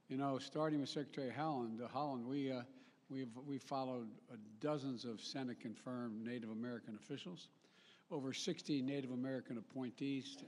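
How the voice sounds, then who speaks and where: A man giving a formal public speech as a national leader, emphatic, with repetitions, restarts and joking asides. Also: mid-range voice. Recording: long reverb.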